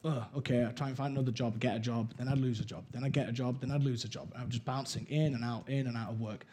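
A man's voice: medium pitch, steady tone, quick pace, warm tone. Man telling his life story frankly. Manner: candid and conversational, repeats himself when telling a story. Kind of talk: personal testimony.

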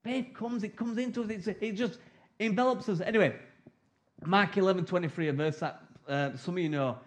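A man's voice: sits high, brisk. A middle-aged man preaching a sermon in a chatty, humorous way, acting out prayers and replies.

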